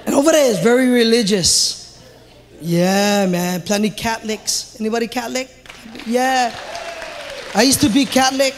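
A man with a Hawaiian Pidgin-tinged accent doing loud, animated live stand-up in a large theatre. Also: very high-pitched, moderate pace, big-room sound, a faint crowd. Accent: Hawaiian Pidgin-tinged English. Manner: loud, animated, shouting punchlines. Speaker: stand-up comedian. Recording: live theatre recording with audience noise.

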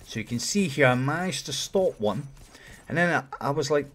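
A man's voice: medium pitch, lively intonation, normal speed, fairly bright tone. A man talking viewers through a game run in a casual, explanatory commentary voice-over. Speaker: video game guide creator.

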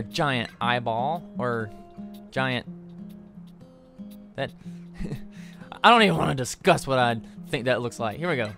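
A young man rambles through his let's play, tripping over his words and restarting sentences. His voice is bright and forward, with faint game music beneath. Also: mid-range voice, animated, measured pace, vocal fry, pauses often. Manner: rambling, stammering restarts, enthusiastic. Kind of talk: casual gameplay commentary.

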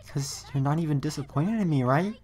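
A woman's voice: sits low, animated, fast talker, dark tone. A woman voicing a young, lonely half-elf girl in anime dub dialogue, pleading and hurt.

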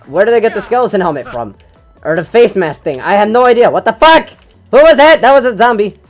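A young man giving casual let's-play commentary as a gaming channel host. He gets excitable, swears often and yells at the game. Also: high voice, a little fast, faint music behind.

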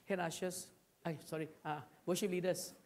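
A man preaching a sermon, swinging between loud rises and hushed drops and calling out to the congregation. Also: high-pitched, level tone, normal speed. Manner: calls to the congregation. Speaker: pastor. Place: church.

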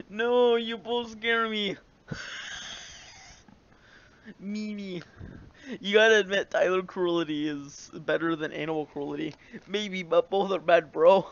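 Young man, giggly, slow-paced, dry muffled lo-fi recording. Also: high voice, no echo. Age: young adult. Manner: giggly, keeps breaking into laughter. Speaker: vlogger. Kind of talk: casual reading aloud of a note.

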